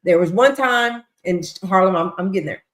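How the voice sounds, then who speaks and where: A woman's voice: medium pitch, normal speed. Chatty woman livestream host, roomy sound. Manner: chatty, retells with voiced quotes and ad-libs. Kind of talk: casual recap of trial testimony. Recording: roomy echo.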